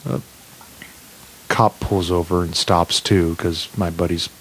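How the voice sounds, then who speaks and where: A man's voice: low voice, takes it slowly, slight background noise. A man telling a crude joke story in casual podcast chat, swearing constantly and acting out every quote. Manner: profane, animated storyteller, acts out quotes. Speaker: podcast co-host.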